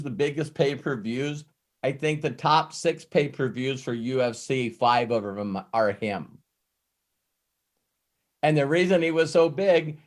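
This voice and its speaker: A man hosting a Q&A, retelling a story with frequent "uh" fillers before an earnest motivational pep talk, heard over a video call. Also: fairly high pitch.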